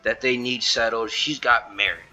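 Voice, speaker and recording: A man's voice: medium pitch, fairly even intonation, moderate pace, bright, forceful tone, muffled recording, faint music behind. A man voicing a bossy senior male knight officer who barks orders at a newcomer. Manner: barking orders.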